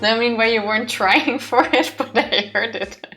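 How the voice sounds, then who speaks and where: A woman's voice: fairly high pitch, moderate pace, fairly bright tone. A woman co-hosting a let's play, giggly and playful, with game music behind. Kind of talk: casual gaming banter.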